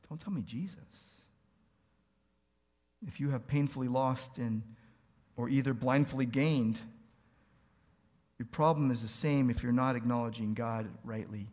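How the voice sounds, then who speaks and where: A man's voice: medium pitch, a little mellow. Earnest male pastor preaching a sermon. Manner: earnest, pleading rhetorical questions, builds to emphatic peaks.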